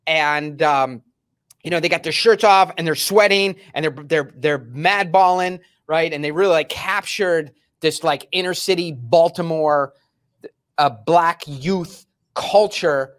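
A man hosts a casual interview podcast with a fairly high voice. He talks as an animated storyteller, often slipping into acted-out quotes. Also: measured pace. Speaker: podcast host.

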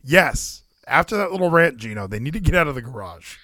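A man talks wrestling in a loose, ranting way. His voice swoops high and low with a lot of life, and he swears freely. The sound is close and dry, with no room around it. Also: brisk, no room sound. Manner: animated ranting, swears freely, acts out crowd shouts. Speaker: podcast co-host. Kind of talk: casual wrestling chat.

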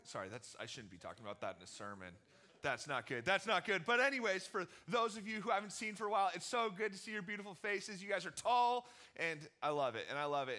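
Young male youth pastor, casual joking sermon, bright forceful tone. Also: high voice. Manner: energetic, animated, jokey, acts out quotes. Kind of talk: casual storytelling sermon to teens.

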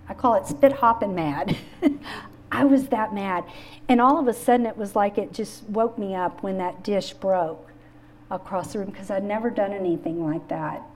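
A woman's voice: mid-range voice, a little mellow. A middle-aged woman hosting a faith-based podcast on grief, telling personal stories in an earnest way. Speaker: podcast host.

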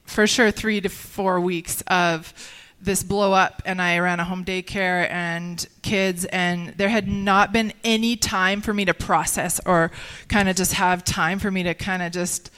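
A woman sharing a personal faith testimony in conversation, earnest and halting, with many restarts. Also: fairly low pitch, steady tone, fairly bright tone, clear, resonant tone.

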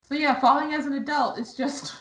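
A woman's voice: high-pitched, fairly even intonation, a little fast. A young woman co-hosting a podcast in casual chat, laughing and joking at her own expense. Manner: chatty, laughing, self-mocking. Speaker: podcast co-host. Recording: roomy echo.

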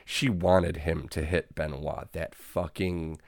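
A man's voice: low-pitched, fairly even intonation, slow, no room sound, clean studio sound. A man co-hosting a casual wrestling chat, recapping events in a laid-back way and laughing often. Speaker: podcast co-host.

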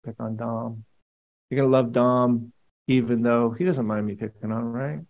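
A man preaching a sermon to his congregation, conversational and animated, with playful asides. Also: medium pitch, moderate pace, phone-quality sound. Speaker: pastor.

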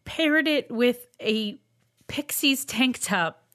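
A woman's voice: a little high, lively intonation, a bit bright. Teasing woman in casual chat. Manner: chatty, teasing, quick laughs. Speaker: podcast co-host.

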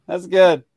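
A man's voice: high-pitched, vocal fry, mellow, no echo. A man hosting a casual late-night podcast, laughing often and trailing off with ums. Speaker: podcast host. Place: his home, alone with dogs.

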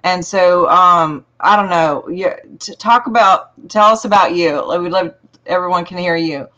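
A woman's voice: lowish voice, moderate pace, pushed and bright, lo-fi sound. A woman hosting a casual panel chat, effusive and emotional, rambling as she talks. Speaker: show host.

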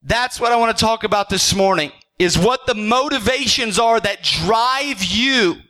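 A pastor preaching in a high, bright man's voice. He speaks earnestly and conversationally, stacking up rhetorical questions and checking in with his listeners. He often trips into quick restarts mid-sentence. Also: low-quality recording. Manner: frequent stammered restarts. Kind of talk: sermon.

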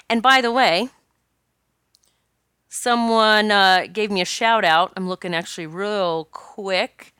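Bright, crisp-voiced woman podcaster. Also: medium pitch, no echo, studio quality. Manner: animated, chatty, talks straight to listeners. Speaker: podcast host. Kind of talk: personal storytelling monologue.

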